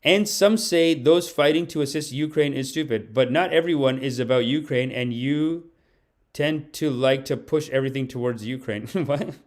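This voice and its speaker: A man's voice: mid-range voice, normal speed. A comedian streaming live, a man chatting loosely with his audience and reading donations, with many "like"s. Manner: rambling, many "like"s.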